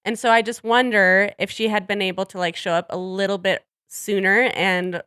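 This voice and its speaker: A woman's voice: mid-range voice, fairly even intonation, normal speed, bright, forceful tone, clear, resonant tone, no echo, clean studio sound. A woman co-hosting a podcast in casual chat, chatty and laughing often, trailing off mid-thought. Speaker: podcast co-host.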